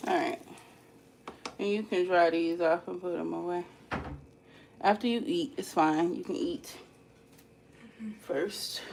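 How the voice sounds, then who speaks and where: A woman's voice: on the low side, takes it slowly, vocal fry, pauses often, a little mellow, a little hiss or hum, poor audio. A woman hosting a casual live cooking stream from her home kitchen, chatting with viewers and reading their comments aloud. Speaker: cooking livestream host.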